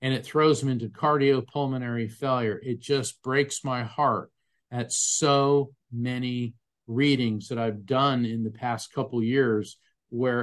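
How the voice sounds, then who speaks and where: Earnest man telling a story. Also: medium pitch. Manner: earnest, emphatic, describes sensations vividly. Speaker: psychic medium, former attorney. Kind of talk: conversational interview storytelling.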